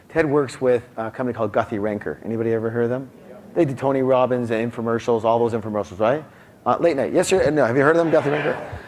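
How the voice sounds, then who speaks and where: A middle-aged man teaching a live seminar, animated and constantly quizzing his audience. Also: mid-range voice, a little hiss or hum. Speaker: seminar speaker.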